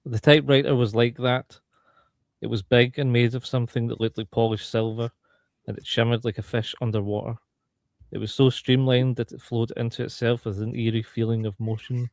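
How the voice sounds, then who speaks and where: A man reads a short story aloud on a podcast in a steady, even way. His voice sits at a middle pitch. It is recorded dry and close. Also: brisk, dry recording. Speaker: podcast co-reader.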